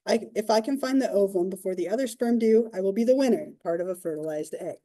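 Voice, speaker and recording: A woman's voice: medium pitch, fast talker, dark tone, voice pushed down, close to an everyday voice. A woman voicing a sperm cell that tells its own journey, reading a first-person worksheet aloud. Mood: matter-of-fact.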